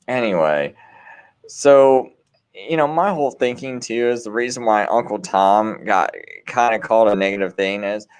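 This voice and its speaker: In a smooth voice on the low side, a late-night host rambles casually through his monologue. He restarts often, says "you know" a lot, and leans earnest and preachy.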